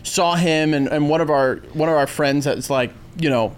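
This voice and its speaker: Brief: man in his thirties, podcast co-host, slightly high pitch, dry teasing asides. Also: moderate pace, slight background noise. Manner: dry joking asides, swearing. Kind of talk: casual chat.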